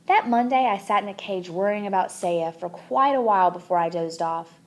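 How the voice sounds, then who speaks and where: A woman narrating a children's book aloud in an expressive, animated way. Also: mid-range voice, moderate pace. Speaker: audiobook reader.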